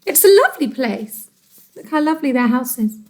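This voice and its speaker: A woman's voice: high voice, expressive, brisk. A woman voicing an earnest, fretful monkey father in a storybook.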